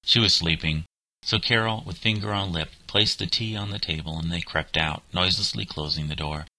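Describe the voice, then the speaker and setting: A man narrating a storybook in a measured, plain way. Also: deep voice, sharp tone, dry recording, low-quality recording. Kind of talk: storybook reading.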